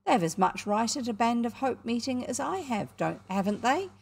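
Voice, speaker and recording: A woman's voice: medium pitch, takes it slowly, darkish tone. A woman with a New Zealand accent voicing a sulky, aggrieved schoolboy in a storybook reading. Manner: whiny and aggrieved. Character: sulky scheming schoolboy William.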